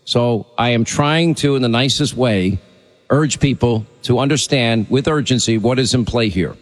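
A man's voice: mid-range voice, moderate pace, long reverb tail. A male radio talk show host speaking to a caller in an urgent, emphatic, preachy way.

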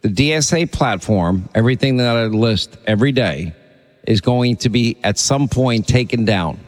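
Fast-talking male talk-radio host. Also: medium pitch, expressive, long reverb tail. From Long Island, New York. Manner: quick, chatty, interrupting.

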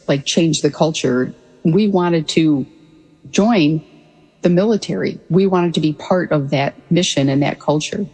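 In a big room with poor audio, a woman in her sixties who once flew military aircraft tells her story as an interview guest. Her voice is fairly low and dark with a breathy edge. She is earnest and reflective, often restarting her sentences and laughing lightly as she talks conversationally.

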